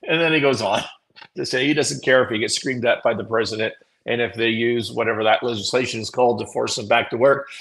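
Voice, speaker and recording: A man's voice: mid-range voice, fairly even intonation, quick pace, gravelly, fairly bright tone, rough recording. A man hosting a live business commentary show, wry and amused, often laughing at his own points and giving punchy readings of quotes. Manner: mocking emphatic read-outs of quoted rants.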